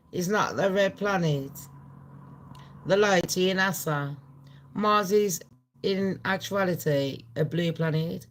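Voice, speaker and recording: Woman vlogger, casual commentary, slow, sweary and blunt, mid-pitched. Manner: blunt, profane, chatty, with loud excited bursts. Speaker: channel host.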